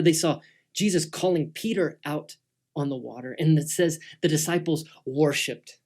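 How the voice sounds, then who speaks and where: A woman telling a Bible story to children, dramatic and swinging between loud and hushed delivery. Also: sits low. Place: church.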